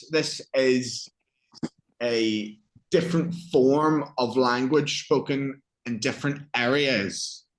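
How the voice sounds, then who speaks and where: This is an English-accented man teaching a lesson at a very unhurried pace. His voice sits at an ordinary middle pitch, and he explains each word patiently in simple terms. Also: a bit bright, poor audio.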